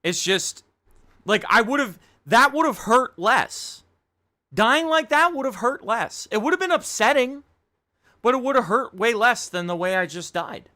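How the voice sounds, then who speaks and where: A man's voice: high-pitched, sharp tone. A young man chatting casually on a live game stream, rambling, self-critical and swearing often.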